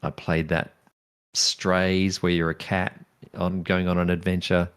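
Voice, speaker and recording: A man's voice: deep voice, completely flat delivery, unhurried, smooth. A man in his fifties, a game streamer, chatting casually in an easygoing way while laughing often and drifting into asides. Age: 50s. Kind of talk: casual gaming chat.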